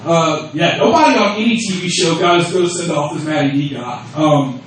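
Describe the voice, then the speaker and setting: A man in his thirties telling profane, lively stories and laughing often as a guest at a fan Q&A panel. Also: a little high, fairly quick, distant mic, slight background noise. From United States. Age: 30s. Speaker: wrestling promotion creative head on a fan panel. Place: convention room at a fan event. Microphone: phone held in the audience. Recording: echoey room, phone recording from the audience.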